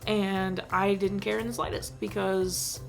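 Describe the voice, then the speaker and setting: A woman's voice: medium pitch, level tone, a little slow, vocal fry, faint music behind. A woman giving a casual movie review, rambling and exasperated, saying "like" constantly. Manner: rambling, heavy use of "like", exasperated. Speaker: film reviewer vlogger.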